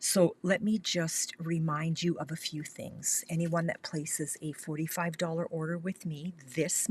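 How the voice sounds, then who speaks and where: An older woman from Canada hosting a live craft stream, chatting warmly and reassuringly, often sinking to a near whisper, with the hiccups. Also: low voice, fairly even intonation, a little slow, hardly any pauses, a little hiss or hum. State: has the hiccups. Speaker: independent craft demonstrator.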